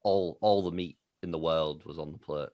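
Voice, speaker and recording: Deep-voiced male co-host, deadpan, few words. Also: moderate pace. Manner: deadpan, terse. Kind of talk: casual chat.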